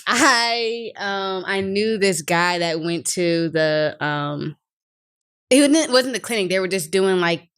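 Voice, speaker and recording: A woman's voice: mid-range voice, expressive, slow, a bit bright, clear, resonant tone. A woman joining a casual podcast chat, speaking hesitantly with many ums and likes. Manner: hesitant, lots of "um" and "like".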